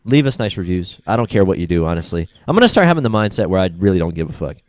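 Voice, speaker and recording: A young man hosting a casual podcast, laid-back and blunt, swearing freely and getting animated when he retells stories. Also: deep voice, very fast, dry recording. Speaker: podcast host. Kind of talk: casual chat.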